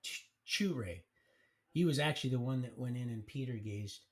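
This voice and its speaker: This man speaks at a normal speed in a mid-range voice through a streaming mic. Recounting his life story casually on a live stream, he wanders in loose, everyday language and keeps starting over.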